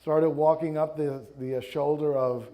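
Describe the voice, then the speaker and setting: Wry storytelling man, slightly high voice. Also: steady tone, moderate pace, warm tone. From New York area. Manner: wry anecdotal storytelling, many ums and uhs. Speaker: bishop, guest speaker. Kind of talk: storytelling talk to a young adult audience. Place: live talk event before an audience.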